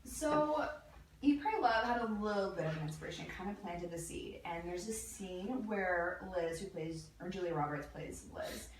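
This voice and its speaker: A woman with a lowish voice tells lively stories as a guest in a casual chat, laughing often. She sits away from the mic in an echoey room with faint noise behind her. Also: normal speed, far from the mic. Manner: animated storyteller, laughs often. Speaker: guest, lingerie designer.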